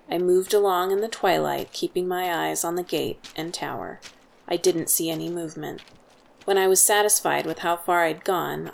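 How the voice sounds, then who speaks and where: A woman reading a first-person story as a steady audiobook narrator. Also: on the low side, vocal fry.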